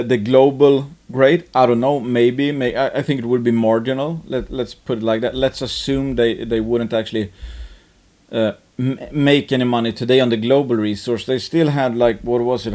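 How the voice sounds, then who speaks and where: A man's voice: mid-range voice, darkish tone. A man hosting an investing channel, talking through stocks in casual market commentary, full of fillers and restarts. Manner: rambling, many fillers and restarts.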